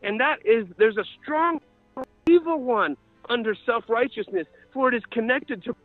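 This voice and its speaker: Impassioned male preacher, very high voice, dry tinny radio sound. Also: moderate pace, no echo, faint music behind. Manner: impassioned, rises to crying out. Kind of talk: sermon.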